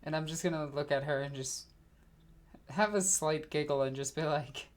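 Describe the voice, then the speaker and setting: A woman playing a tabletop game, speaking in a relaxed, dry manner and sometimes in character. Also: low voice, moderate pace. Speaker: player. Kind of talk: casual tabletop play.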